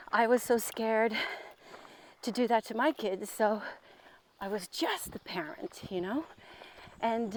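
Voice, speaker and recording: A woman's voice: medium pitch, slight background noise. A woman telling a personal story while walking outdoors, candid and bubbly, laughing often. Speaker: vlogger on a walk.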